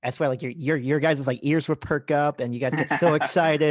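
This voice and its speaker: A man hosting a casual podcast interview, rambling with lots of "like" and getting animated when he retells stories. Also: on the high side, fairly quick, hardly any pauses, no room sound, clean studio sound. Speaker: podcast host.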